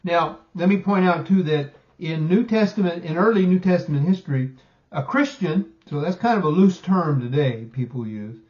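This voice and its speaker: Man, Bible study teacher, fairly high voice, emphatic, stretches key words, muffled lo-fi sound. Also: animated, moderate pace, darkish tone. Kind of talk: recorded Bible study lesson.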